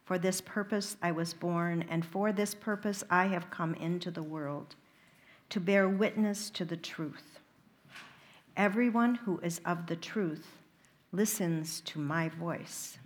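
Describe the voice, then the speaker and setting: A woman reading the words of a calm man on trial in a liturgical Gospel reading, measured and steady. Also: lowish voice. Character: calm male teacher under trial.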